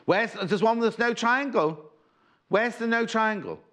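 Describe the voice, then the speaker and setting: In a TV studio, a male shopping-channel host wearing an earpiece and presenter mic talks unhurriedly in a high, slightly bright voice. He rambles through live sales chat while reading viewers' messages aloud.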